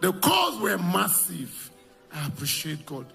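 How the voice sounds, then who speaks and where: Guy testifying at church, high bright voice, gravelly edge, gets loud and emotional. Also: wildly swooping pitch, measured pace, soft background music. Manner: emotional, shouting at peaks.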